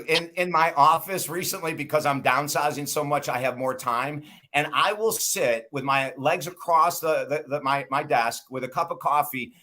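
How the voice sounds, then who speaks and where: A male guest tells a casual story with animation, acting out the dialogue. His voice sits a touch high. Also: normal speed, hardly any pauses. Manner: animated, acts out dialogue in anecdotes.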